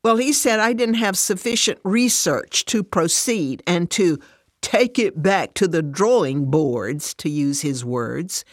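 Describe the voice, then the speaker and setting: A woman voicing a defensive, upset working mother, speaking higher and more emotionally than her narration. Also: lively intonation, slow, no echo, clean studio sound. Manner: raised pitch, emotional and defensive.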